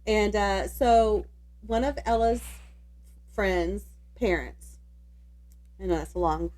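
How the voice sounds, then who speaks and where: A woman's voice: medium pitch, a little mellow. A middle-aged woman co-hosting a podcast, chatting easygoing and laughing along. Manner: easygoing, quick to laugh, supportive. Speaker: podcast co-host. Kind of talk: casual chat.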